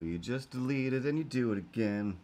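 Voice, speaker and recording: A man's voice: mid-range voice, lively intonation, moderate pace, mellow. A man rambling playfully on a live stream while he draws. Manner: rambling, playful, talks to imaginary cats. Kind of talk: casual live-stream chat while drawing.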